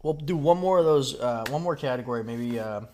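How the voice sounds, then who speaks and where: A man hosting a casual comedy podcast, swearing freely and switching into quick accent impressions during a guessing game. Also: medium pitch, dark tone, slight background noise. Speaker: podcast host.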